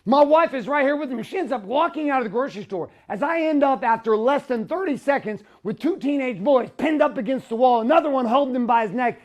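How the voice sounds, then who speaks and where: A man with a strikingly high-pitched voice delivers a motivational talk. His manner is fiery and profane, and he often bursts into shouts for emphasis. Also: expressive, fast talker, hardly any pauses. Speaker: motivational speaker.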